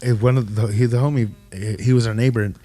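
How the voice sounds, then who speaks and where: A man's voice: medium pitch, fairly even intonation, fast talker, warm tone. A man hosting a casual podcast chat, telling stories in slang and acting out the people in them. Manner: slangy storytelling, acts out quoted voices. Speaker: podcast host.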